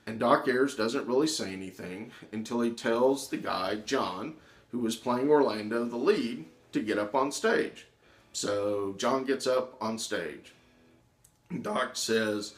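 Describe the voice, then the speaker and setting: A man telling a personal story in an animated way, acting out the voices of the people in it. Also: mid-range voice, a little slow. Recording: echoey room.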